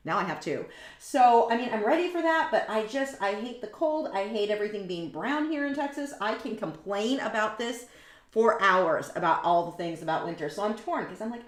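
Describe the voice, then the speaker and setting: A woman hosting a live painting demo, chatting in a rambling, self-mocking way with many tangents. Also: mid-range voice. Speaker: artist hosting a painting livestream. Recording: roomy echo.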